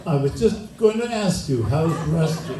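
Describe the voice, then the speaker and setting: A man's voice: fairly high pitch, lively intonation, normal speed, roomy sound, distant mic, noisy background. A man acting as the straight man, asking short setup questions during a stand-up act. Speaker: stage partner feeding questions.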